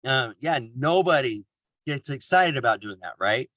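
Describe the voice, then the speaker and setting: A man's voice: mid-range voice, animated, normal speed, fairly bright tone, dry recording. A man from Kansas giving a casual motivational talk on a video call, joking at his own expense and laughing often.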